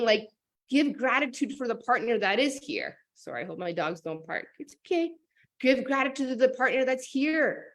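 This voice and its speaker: A woman talking casually as a motivational coach, animated and full of fillers like "like" and "oh my God". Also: high-pitched. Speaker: business and manifestation coach.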